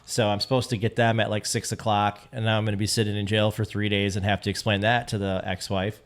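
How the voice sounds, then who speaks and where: A man's voice: fairly low pitch, level tone, fast talker. A man with a Michigan accent, a podcast guest telling a personal story in casual conversation, earnest and prone to repeating his words.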